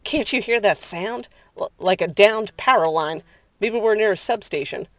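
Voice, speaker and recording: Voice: medium pitch, moderate pace, a bit bright, dry recording, clean studio sound, voice pushed up, close to an everyday voice. A narrator voicing a nervous male henchman in a spoken story, talking warily. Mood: uneasy. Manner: wary, jittery.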